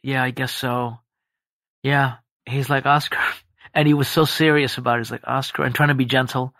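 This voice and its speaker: A man chatting as a podcast guest, animated and jokey, slipping into quick impressions. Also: mid-range voice, dry recording. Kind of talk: casual podcast chat.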